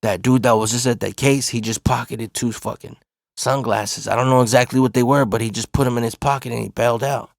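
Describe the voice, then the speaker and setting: A man voicing a male customer who hurriedly reports a theft, in an informal way, close to his own gravelly voice. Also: mid-range voice, fairly even intonation, brisk, no echo, natural voice. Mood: urgent. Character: man, a bystander customer tipping off the clerk.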